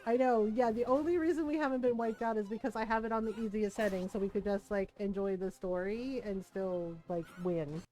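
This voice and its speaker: A woman's voice: medium pitch, fairly even intonation, fairly quick, few pauses, warm tone, soft background music. A woman streaming a video game, with chatty, rambling commentary and frequent laughter. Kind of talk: casual live-stream commentary.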